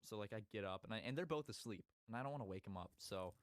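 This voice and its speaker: A man's voice: on the low side, expressive, fast talker, a little hiss or hum. Young man telling a rambling story. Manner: storytelling, acts out voices and yells in the story. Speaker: podcast co-host. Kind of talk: casual podcast chat.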